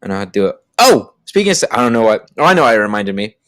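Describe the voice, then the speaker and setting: A man's voice: fairly low pitch, very animated, fast, fairly bright tone, no room sound. A man co-hosting a casual podcast, rambling along with lots of fillers and restarts. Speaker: podcast co-host. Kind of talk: casual chat.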